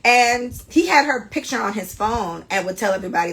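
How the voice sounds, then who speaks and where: Young woman, podcast host, gravelly, raised pitch, blunt, profane, storytelling. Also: expressive, fast talker, hardly any pauses, fairly bright tone, low-quality recording.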